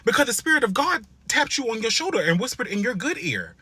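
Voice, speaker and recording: A young man telling a sassy, animated storytime with lots of expression. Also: fast talker, husky, no echo. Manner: expressive, sassy, swoops into high exclaims.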